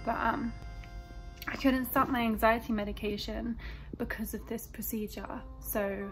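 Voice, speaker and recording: A woman's voice: a little high, fairly even intonation, a little slow, rough recording. British girl vlogging, chatty n a bit nervous, music under it. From Britain. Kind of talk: casual video diary.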